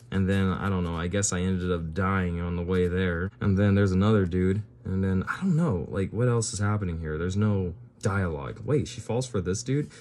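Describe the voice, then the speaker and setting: A man's voice: low-pitched, normal speed, hardly any pauses, darkish tone. A young man leafing through an old sketchbook and commenting casually for his video, with bewildered reactions and fillers as he goes. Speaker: video creator.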